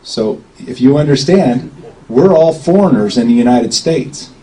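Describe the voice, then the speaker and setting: A man's voice: mid-range voice, lively intonation, measured pace, dark tone, rough recording. A man giving an informal talk to a small crowd, rambling in a folksy way and often checking in with "okay?". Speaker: speaker at a public gathering.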